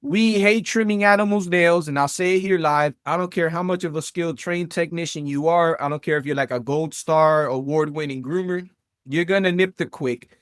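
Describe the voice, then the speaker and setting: A man in his thirties with a South Florida accent, a podcast guest telling his story in a lively, chatty way with many fillers. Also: fairly high pitch, normal speed, clear, resonant tone, no echo, clean studio sound. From South Florida, USA. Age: 30s. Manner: animated storyteller, many fillers, addresses listeners as guys. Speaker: podcast guest, vet tech and entrepreneur. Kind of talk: casual interview chat.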